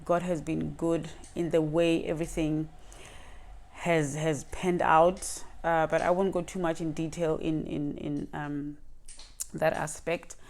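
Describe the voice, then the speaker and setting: A woman's voice: sits low, flat delivery, a little slow, darkish tone. A young woman from Lesotho, talking casually to camera in a hesitant vlog with many fillers and restarts. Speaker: vlogger.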